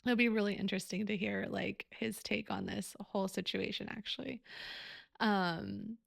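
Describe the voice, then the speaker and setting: A woman's voice: mid-range voice, normal speed, gravelly, dry recording, studio quality. A young woman hosting a podcast, telling a personal story in a candid, emotional way with frequent swearing and fillers. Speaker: podcast host.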